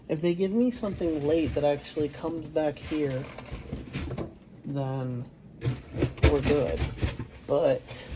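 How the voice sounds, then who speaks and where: A young woman casually chatting in a vlog at home, tired and unhurried, swearing now and then. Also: low-pitched, background noise. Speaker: vlogger, truck driver.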